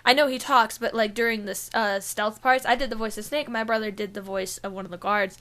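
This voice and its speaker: A woman co-hosting a gaming podcast in casual chat, giggly and animated, often slipping into silly voices. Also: mid-range voice, a little fast. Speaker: podcast co-host.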